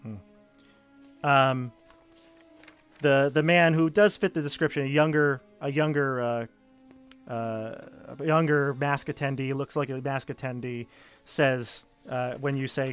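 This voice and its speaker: A man narrating as game master of a tabletop game, casual and halting with many fillers. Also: mid-range voice, clean tone, soft background music.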